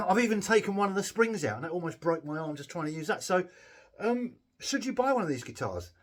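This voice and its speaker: Rambly bloke, kinda high voice, swears a lot, guitar noodling behind. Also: male voice, animated, brisk. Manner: rambling, sweary, self-mocking. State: tired and a bit giddy. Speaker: guitar repair vlogger. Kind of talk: casual chat. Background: guitar playing.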